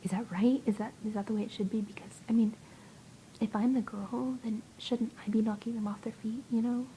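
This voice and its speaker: A young woman vlogging to a friend, talking mostly in a hushed whisper and rambling with hesitant fillers. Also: fairly high pitch, fairly even intonation, a little fast, slight background noise, poor audio. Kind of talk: casual whispered video chat to a friend.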